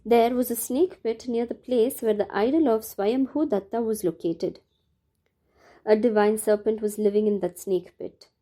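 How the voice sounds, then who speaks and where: A woman narrating a devotional audiobook in a measured, even reading style. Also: fairly high pitch.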